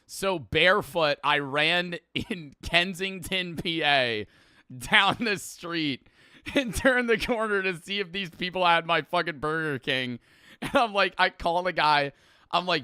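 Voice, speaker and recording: A man's voice: on the high side, normal speed, sharp tone, clean tone, no room sound, studio quality. A man in his twenties, a streamer casually reacting to clips, rambling, swearing and laughing as he tells stories.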